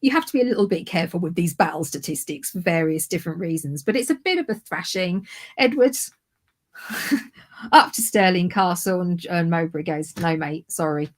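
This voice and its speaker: A woman's voice: on the low side, expressive, moderate pace. A woman hosting a history livestream, chatting casually and laughing at herself over a video call. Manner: chatty, self-deprecating, laughs often. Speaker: history podcast host.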